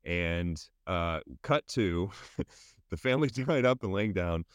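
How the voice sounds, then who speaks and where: A man co-hosting a podcast in casual chat, laughing often and stammering when he gets excited. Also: deep voice, takes it slowly, no echo, clean studio sound. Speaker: podcast co-host.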